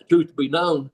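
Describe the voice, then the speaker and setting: An older man with a drawl spins a long, rambling story in a relaxed interview. His voice sits a bit high for a man, and he keeps breaking into laughter as he acts out the fans he quotes. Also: distant mic, low-quality recording. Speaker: guest, former pro wrestler and trainer.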